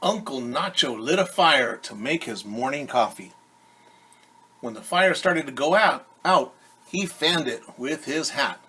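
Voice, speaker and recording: A man's voice: mid-range voice, lively intonation, bright, forceful tone, husky. A male teacher reading a children's story aloud, speaking patiently to young listeners. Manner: slow, patient, addresses children directly.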